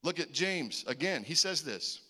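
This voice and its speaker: Lively, bright-voiced male pastor. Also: fairly high pitch, measured pace. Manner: animated storyteller acting out voices. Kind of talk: sermon with personal storytelling.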